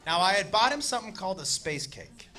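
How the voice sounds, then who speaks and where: Lively high-voiced male stand-up comic. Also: quick pace, soft background music. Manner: animated, profane, punchline-driven. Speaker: stand-up comedian. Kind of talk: stand-up storytelling. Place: stage before a live audience. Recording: comedy club with loud audience.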